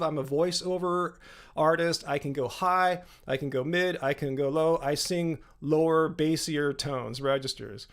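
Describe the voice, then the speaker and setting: A man's voice: a little high, a bit bright. A man in his fifties hosting a live stream Q&A, combative and sarcastic, talking to chat commenters by name and rambling with restarts. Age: 50s. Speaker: livestream host.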